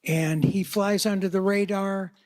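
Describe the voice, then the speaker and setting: A man organizing a memorial thanks helpers and guests in a halting, grateful manner, often repeating words. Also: high-pitched, steady tone, noisy background. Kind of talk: thanking the audience.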